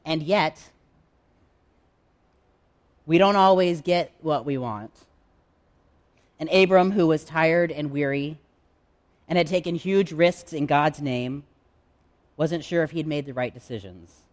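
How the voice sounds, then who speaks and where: A male pastor delivers a sermon to his congregation. His voice sits a little high for a man, and he talks candidly and conversationally, pausing for effect. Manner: conversational, candid preaching with dramatic pauses.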